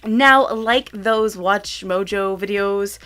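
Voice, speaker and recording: A woman's voice: medium pitch, slow, bright, forceful tone. Gushing young woman vlogger. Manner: gushing, giggly, lots of "like" and "oh my God". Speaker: YouTuber. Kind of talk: casual vlog countdown.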